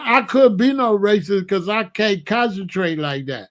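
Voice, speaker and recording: A man with a slightly higher voice riffs through a loose, comedic monologue as host, firing off rhetorical questions and slipping into chuckling asides. His delivery is animated but measured in pace.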